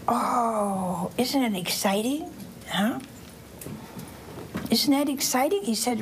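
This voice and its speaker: Woman preacher, higher voice, very expressive pitch, asks the crowd questions, whispers asides, faint hum of room behind. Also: measured pace. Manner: animated, quizzing the audience with questions. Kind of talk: sermon to children and families.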